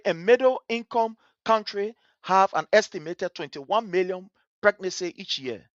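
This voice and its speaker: A man's voice: high voice, a bit bright, no echo, dull audio. A man giving heated, indignant commentary on a live stream, repeating phrases for emphasis. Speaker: livestream host.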